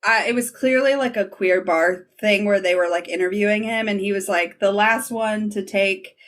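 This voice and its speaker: A woman's voice: mid-range voice, normal speed. A woman hosting a podcast in easy, casual chat. She talks animatedly and laughs often. She acts out quoted lines as she recaps scenes. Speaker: podcast host.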